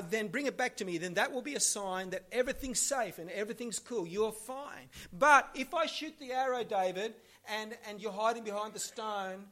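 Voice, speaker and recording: A man's voice: high-pitched, fairly bright tone, voice pushed up. A male preacher voicing a loyal young prince giving urgent instructions to a friend.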